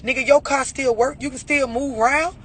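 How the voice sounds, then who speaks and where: A man's voice: very high voice, fairly even intonation, fairly quick, a bit bright, slightly rough. A man giving a blunt, profane motivational rant about overreacting, full of rhetorical questions. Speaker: motivational speaker.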